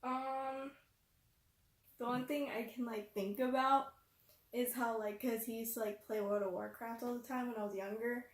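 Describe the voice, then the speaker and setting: A woman's voice: on the high side, fairly even intonation, moderate pace. A teenage girl talking casually about her family, hesitant and full of "like". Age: teens. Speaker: daughter. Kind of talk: casual chat. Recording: echoey room.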